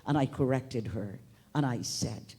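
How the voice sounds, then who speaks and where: A man's voice: mid-range voice, measured pace, mellow, husky. A middle-aged man from Bohol with a Boholano accent, speaking at a forum in an expansive, humorous way with emphatic bursts. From Philippines, Bohol. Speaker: forum audience member, newspaper manager. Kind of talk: public remarks at a forum. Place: conference hall.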